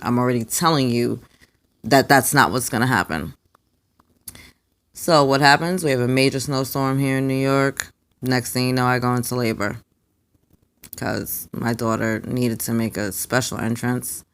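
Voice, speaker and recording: A young adult woman, a spiritual card reader, telling a personal story in an emphatic, animated way and acting out the quotes. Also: a bass voice, normal speed.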